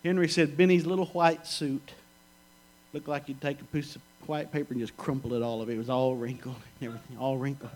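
A man's voice: mid-range voice, little pitch movement, fairly quick, darkish tone, poor audio. A middle-aged man preaching a sermon, telling stories in a folksy, joking way. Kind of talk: sermon with storytelling.

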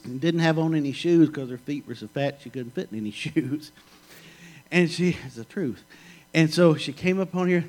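Middle-aged man, preacher, folksy joking storyteller, fairly high voice. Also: normal speed, darkish tone, low-quality recording. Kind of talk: sermon with storytelling.

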